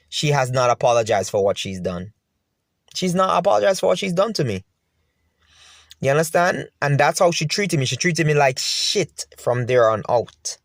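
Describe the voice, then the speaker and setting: A man's voice: fairly high pitch, no room sound, studio quality. A man telling his own painful story to the viewer, emotional and repeating himself. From Jamaica. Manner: emotional, repetitive, talks straight to the viewer. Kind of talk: personal storytelling to camera.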